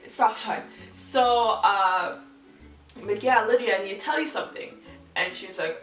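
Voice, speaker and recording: A woman's voice: mid-range voice, moderate pace, fairly bright tone, recorded from a distance. Young woman, candid vlog storyteller, swears freely, acts out quoted people, recorded roomy and off-mic with faint music. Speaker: vlogger. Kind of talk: casual storytelling to camera.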